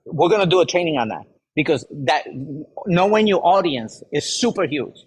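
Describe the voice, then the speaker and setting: A man giving an energetic, motivational sales talk to a live audience, speaking straight to the crowd. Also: fairly high pitch, slightly rough. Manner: energetic, fast-talking, addresses the crowd directly. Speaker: sales coach leading a live workshop.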